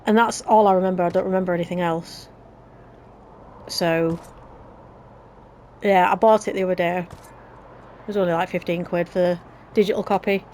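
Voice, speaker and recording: A woman's voice: fairly low pitch, fairly even intonation, normal speed, pauses often, a little mellow, slight background noise, poor audio. A woman with a Yorkshire accent chatting and rambling through casual gameplay commentary. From Yorkshire, England. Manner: chatty and rambling, with restarts and British slang. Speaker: let's play gamer.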